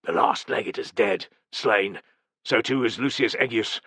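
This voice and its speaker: A man voicing a shaken, grim Roman centurion delivering bad news in a low, urgent way in an audiobook. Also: measured pace, a bit bright, breathy edge, no room sound, clean studio sound. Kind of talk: audiobook character reading.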